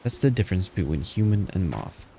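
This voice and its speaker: A man's voice: sits low, lively intonation, a little fast, creaky, mellow, slight background noise. A man streaming a game, reading its story text aloud in a plain voice with small restarts.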